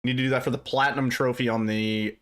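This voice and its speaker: A man, streaming from his desk at home and chatting with his viewers in a relaxed way. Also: medium pitch, fast talker. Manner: laid-back, chuckling, greets chat by name. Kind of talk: casual livestream chat with viewers.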